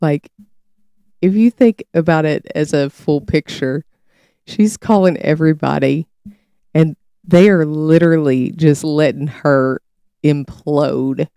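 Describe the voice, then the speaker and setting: A woman's voice: low voice, slow pace, mellow, clear, resonant tone, no echo, clean studio sound. A woman commentator reacting to a clip with sarcastic, incredulous remarks.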